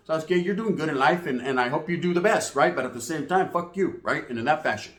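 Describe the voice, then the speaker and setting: A man's voice: a little high, quick pace. Slangy, profane man telling street stories. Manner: slang-heavy, profane, animated. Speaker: storyteller host. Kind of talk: street storytelling monologue. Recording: echoey room.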